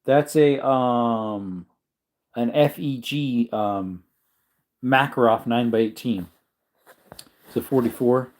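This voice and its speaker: With a medium pitch, a slow pace, and long pauses, the man running this casual livestream wanders from point to point and corrects himself. Worn out and yawning, he remains relaxed.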